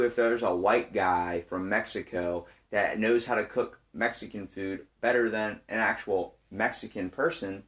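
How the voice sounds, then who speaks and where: A young man hosting a podcast in casual chat, an animated storyteller who gets loud when excited. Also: fairly low pitch. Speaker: podcast host.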